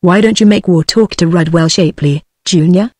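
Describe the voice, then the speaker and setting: A text-to-speech woman with a British English accent voicing a weepy, lovesick cowboy man, read in a flat synthetic way. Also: on the low side, normal speed, no echo, clean studio sound, lightly acted.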